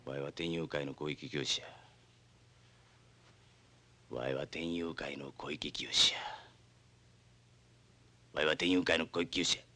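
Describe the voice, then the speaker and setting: Cocky wannabe tough guy, posing, super low voice. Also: fairly even intonation, normal speed, long pauses, bright, forceful tone, heavily acted. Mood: swaggering. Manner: swaggering, posturing. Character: young blowhard hitman rehearsing a tough introduction.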